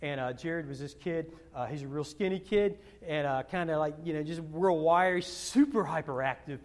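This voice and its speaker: A male pastor preaching a sermon, telling personal stories in a rambling way, repeating words and swinging from loud to hushed. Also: on the high side, moderate pace.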